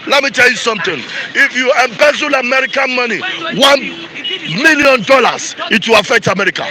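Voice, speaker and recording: A man's voice: very high voice, fairly quick, crowd noise, poor audio. A Nigerian man with a Nigerian accent, giving an angry, repetitive rant in a street interview.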